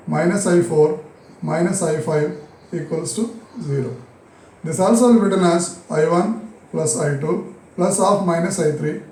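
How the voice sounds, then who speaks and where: A man with an Indian English accent teaching a physics lesson, repeating key phrases slowly and answering his own questions. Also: fairly high pitch, darkish tone, roomy sound, low-quality recording. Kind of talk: recorded classroom lesson.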